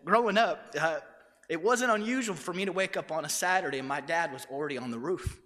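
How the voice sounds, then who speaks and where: A man in his thirties preaches to a congregation in a long, echoing hall, telling his story with restless energy and self-deprecating humor. His voice is bright and forceful and sits a little high. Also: animated, a little fast. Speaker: pastor. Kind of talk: sermon. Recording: echoey hall.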